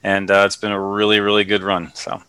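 A man's voice: lowish voice, level tone, fairly quick, pushed and bright, smooth, dry recording. A man guesting on an interview podcast, explaining things through plain analogies with frequent fillers. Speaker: guest, real estate investor. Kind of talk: conversational interview.

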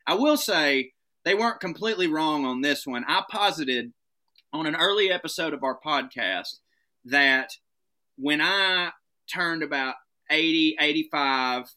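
A man telling comic stories in casual podcast talk, animated and profane, often laughing as he goes. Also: on the high side, unhurried. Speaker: podcast guest.

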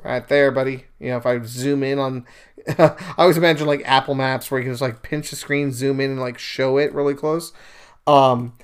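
A young man hosting a podcast, retelling a story in a casual, animated monologue, with sudden louder bursts. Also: medium pitch, moderate pace, smooth. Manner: animated storyteller, paraphrases scenes in bursts of raised voice. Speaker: podcast host. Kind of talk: casual religious commentary monologue.

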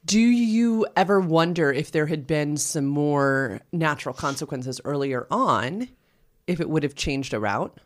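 A woman's voice: low voice, lively intonation, measured pace. A woman co-hosting a podcast, asking thoughtful, probing questions in a conversational way. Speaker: podcast co-host. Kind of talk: conversational interviewing.

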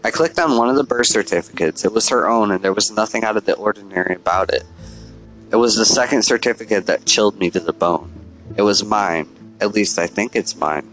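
Low-voiced man narrating a horror diary. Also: a little fast, fairly bright tone, soft background music, rough recording. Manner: earnest, confessional diary-like telling. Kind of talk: first-person horror story narration.

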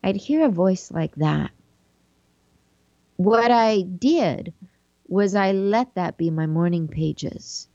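A woman hosting a show, reading aloud from a book and reflecting on it in a gentle, thoughtful way. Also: lowish voice, expressive, slow pace, pauses often, no echo, muffled recording. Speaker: podcast host.

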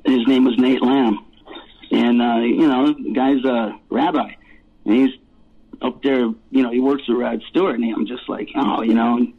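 A man's voice: mid-range voice, steady tone, unhurried, vocal fry. A man in his fifties, a musician guest, telling rambling stories with laughs and swearing. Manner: rambling, laughing, profane storyteller. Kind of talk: casual storytelling interview. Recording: tinny phone-like line.

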